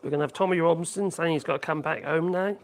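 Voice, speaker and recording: A man's voice: on the high side, fast. A man hosting a live stream, giving blunt, rambling, opinionated commentary on the news.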